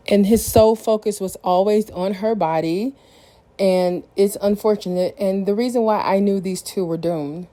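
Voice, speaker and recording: A woman's voice: medium pitch, moderate pace, warm tone. A woman hosting a podcast, recapping a reality show in a candid, opinionated, casual way. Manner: opinionated, candid, retells scenes in detail. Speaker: podcast host.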